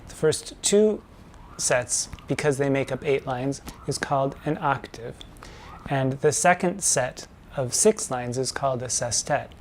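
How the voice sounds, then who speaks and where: A man explaining a lesson at a mid-range pitch, in a measured, teacherly way. He slows right down to spell out each pattern. A faint hum of noise sits behind him. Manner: measured and didactic, slowing to spell out rhyme schemes. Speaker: drag performer hosting a poetry lesson.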